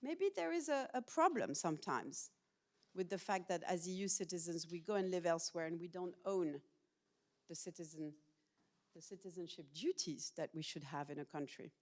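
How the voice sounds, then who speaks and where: A middle-aged woman, a professor, giving a public university lecture to students in a hall, talking in a lively, personal way and asking the audience questions. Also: fairly low pitch, moderate pace.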